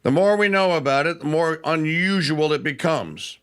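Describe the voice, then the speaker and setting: A man's voice: a little high, moderate pace, fairly bright tone, clean tone. A man hosting a live talk radio show, chatting in a rambling, self-correcting way.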